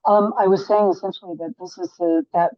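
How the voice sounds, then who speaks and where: A woman's voice: mid-range voice, fairly even intonation, fairly quick, dry recording, muffled recording. A woman, a guest author, talking analytically and thoughtfully with hesitant restarts in an interview. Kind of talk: interview conversation.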